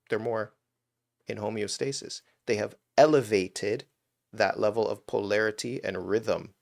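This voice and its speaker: A young man with a low, gravelly voice talks through ideas on a live stream in a loose, blunt way, tagging "right?" onto his points and swearing now and then. The sound is close and dry, with no room around it. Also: no room sound. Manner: informal and blunt, swears, many "right?" tags. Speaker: host of a spirituality and money live stream. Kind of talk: casual live-stream teaching.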